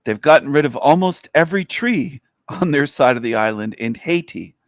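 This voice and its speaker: A man's voice: on the high side, animated, normal speed, no echo, clean studio sound. A man hosting a livestream in casual commentary, often talking in a sarcastic, mock-sincere way. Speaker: livestream host.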